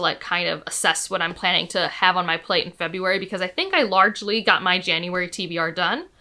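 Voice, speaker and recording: A woman's voice: fairly low pitch, sharp tone. A woman chatting casually about books, gushing with enthusiasm and peppering her talk with "like" and "um". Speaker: book vlogger. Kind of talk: casual chat.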